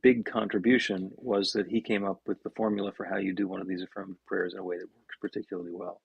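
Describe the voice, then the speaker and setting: A man with a deep gravelly rasp and a husky edge explains prayer in casual podcast talk. He restarts and repeats his words as he goes. His voice is set close and dry with no room sound. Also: flat delivery, fast talker, dry recording, highs cut off. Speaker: minister and podcast co-host.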